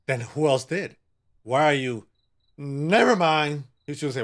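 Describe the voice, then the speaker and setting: Male gaming host, horror playthrough, joking and sassy, animated slightly high delivery. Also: measured pace. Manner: joking, sassy banter with game characters. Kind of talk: horror game commentary.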